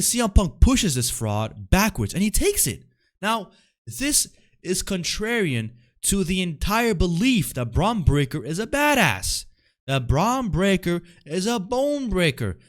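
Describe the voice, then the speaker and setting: A man recapping a wrestling show in a casual, frustrated rant, full of fillers and rhetorical questions. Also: on the high side.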